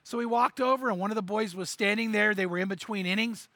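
Bright high-voiced man preaching a story. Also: fast talker, no echo. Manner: animated, acts out the characters' lines; repeats words when telling the story. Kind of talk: sermon storytelling.

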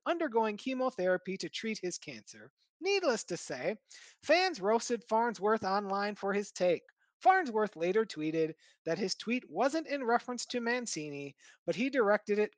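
A woman co-hosting a sports podcast, talking with animated indignation. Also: mid-range voice, dry recording. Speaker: podcast co-host. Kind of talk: casual sports chat.

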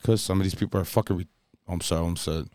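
A man's voice: deep voice, fairly even intonation, rapid-fire, a little mellow, no echo, clean studio sound. A man, a DJ co-hosting a podcast, chatting casually, swearing freely and joking as he mimics crowd members. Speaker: DJ and podcast co-host. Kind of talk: casual chat.

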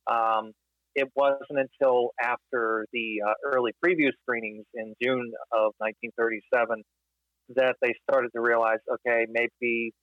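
A man discusses film history in a casual podcast, thoughtful and measured, often pausing on fillers. His voice sits in a middle range and sounds dry and close. The recording is a little dull and lo-fi. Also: mid-range voice, level tone, no echo.

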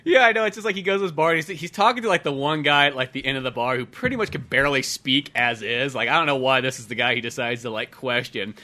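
A man co-hosting a movie podcast in casual chat, animated and swearing freely as he retells scenes. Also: mid-range voice, fast talker, hardly any pauses. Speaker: podcast co-host.

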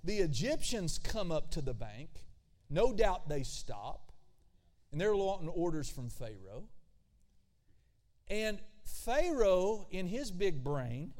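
Man, pastor, high voice, lively swinging pitch, preaching, long hall reverb. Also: takes it slowly. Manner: animated preaching with asides and quoted voices. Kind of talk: sermon.

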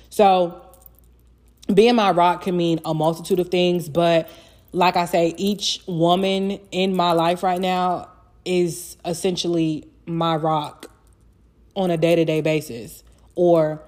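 A young woman talks on her own podcast in a loose, chatty way, swearing freely and leaning on fillers as she goes. Her voice sits a little low for a woman. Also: a little mellow. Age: young adult. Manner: candid, chatty, profane, lots of fillers. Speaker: podcast host. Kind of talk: casual solo podcast monologue.

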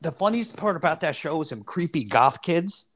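A man's voice: on the high side, expressive, normal speed, a bit bright. A young man co-hosting a casual chat, full of slang and swearing, joking around. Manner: slangy, profane, laughing banter.

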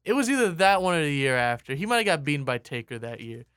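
Man, casual rambling talker, bright and forceful tone, dry close sound. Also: fairly high pitch, big pitch swings, fast, smooth, dry recording. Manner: rambling, full of "like" and restarts. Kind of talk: casual chat.

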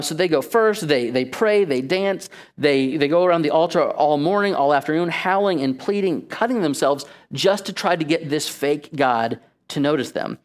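A man preaching a sermon in a conversational, joking way, acting out the quotes he reads. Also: a little high. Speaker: pastor.

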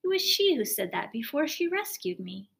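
A woman's voice: high-pitched, very animated, moderate pace, creaky, fairly bright tone, voice pushed up, full character voice. A woman reading a storybook and voicing a pale, listless young prince who speaks faintly and dreamily. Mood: dreamy.

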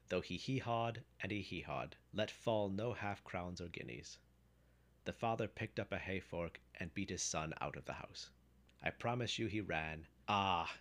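A man narrating an old folk tale in a measured storyteller's delivery. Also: low voice, fairly bright tone.

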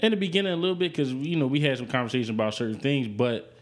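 A man in his thirties talks in a loose, rambling way, full of profanity and false starts. His voice sits at a middling pitch, and he keeps the casual chat going as a podcast co-host. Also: rapid-fire. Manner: candid, profane, rambling with restarts.

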